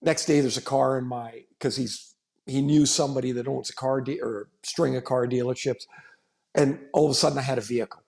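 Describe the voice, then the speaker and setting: A middle-aged former hockey player with a medium-pitched, steady, gravelly voice that's a little mellow speaks briskly on a podcast. He tells rambling anecdotes casually, restarting sentences and laughing along the way.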